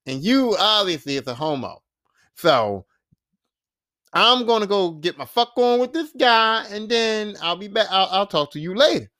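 A man's voice: high voice, expressive, a little slow, pushed and bright, exaggerated voice. A man voicing a brash, impatient teenage girl who is profane, blunt and mocking, in a podcast retelling. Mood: dismissive.

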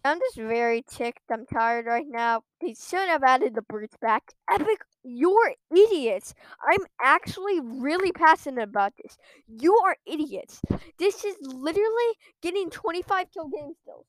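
High-voiced woman ranting over gameplay. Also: animated, moderate pace, hardly any pauses, no echo. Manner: exasperated ranting with frequent outbursts. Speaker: gamer streaming her own play. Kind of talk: live gameplay commentary. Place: at a computer.

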